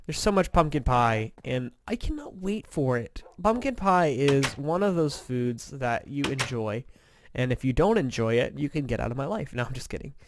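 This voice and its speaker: A man's voice: medium pitch, sing-song, moderate pace, background noise. Tired, rambling man chatting through gameplay. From Indiana, USA. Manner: rambling, chatty, self-mocking. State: tired, yawning. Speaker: gaming commentator. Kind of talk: casual let's-play chat.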